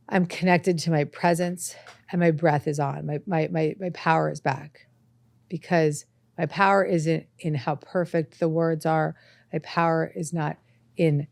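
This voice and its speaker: A woman hosting a self-help podcast, talking earnestly and reflectively, breaking into animated anecdotes. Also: sits low, creaky, no echo, clean studio sound. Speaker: podcast host. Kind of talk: motivational self-help talk. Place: studio set with lights.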